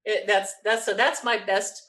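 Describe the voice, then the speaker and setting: Lively woman telling a story. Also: mid-range voice, low-quality recording. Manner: lively, quick storyteller who laughs often. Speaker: interview guest. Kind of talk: animated anecdote telling.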